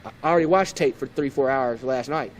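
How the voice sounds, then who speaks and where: A man's voice: mid-range voice, fast, slight background noise. A man in his thirties, a former point guard, telling stories in a casual podcast interview and acting out old conversations. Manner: animated, acts out past conversations.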